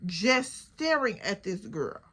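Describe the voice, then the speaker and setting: A woman's voice: mid-range voice, slow. Chatty young woman with a Chicago accent. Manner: animated, chatty, addresses the listener as girl. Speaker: storyteller. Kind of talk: casual storytime vlog.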